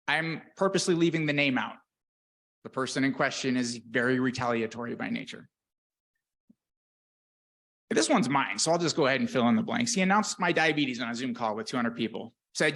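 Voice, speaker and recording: Brief: male scientist presenting at a conference, mid-pitched, earnest and candid, dry self-deprecating humor. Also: fairly quick, fairly bright tone. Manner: earnest and candid, with filler words and restarts. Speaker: research scientist giving a conference talk.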